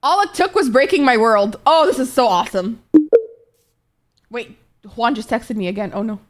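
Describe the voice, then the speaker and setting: A woman's voice: fairly high pitch, moderate pace. A woman streaming a game live, chatting casually with her viewers, swearing often and reacting to chat.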